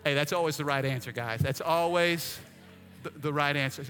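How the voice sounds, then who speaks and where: High, bright-voiced preaching pastor. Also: male voice, brisk. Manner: animated preaching with acted-out asides and humor. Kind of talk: sermon. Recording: long reverb, faint music behind.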